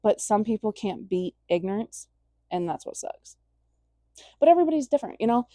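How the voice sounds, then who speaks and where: A woman's voice: medium pitch, expressive, fairly quick, dark tone, dry recording, studio quality. A young woman vlogger delivering a blunt, emphatic casual rant, full of swearing.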